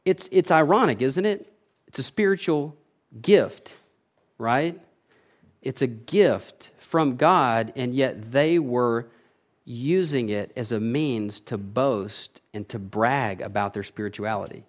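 A man's voice: medium pitch, slow. A man preaching an expository sermon, reading verses aloud and explaining them with emphatic swells and frequent restarts. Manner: emphatic, rising and falling in loudness, self-correcting restarts. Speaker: pastor.

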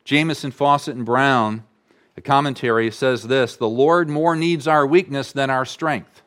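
A man delivers a sermon at an unhurried, measured pace. He leans on repetition to drive his points home, and his voice sits in a middle register. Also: mid-range voice, fairly bright tone. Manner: slow, deliberate preaching with emphatic repetition. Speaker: pastor.

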